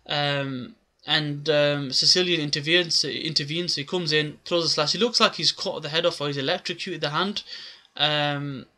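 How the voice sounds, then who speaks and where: A man's voice: fairly high pitch, fairly even intonation, normal speed, sharp tone. A man giving a casual, rambling recap of a comic chapter, with many filler words. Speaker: manga reviewer.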